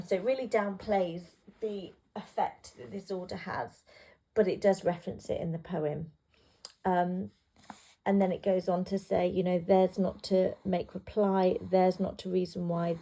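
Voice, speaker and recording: A woman's voice: medium pitch, mellow. A woman tutor talking through a poem in a casual revision lesson, with plenty of ums and restarts. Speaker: English literature tutor.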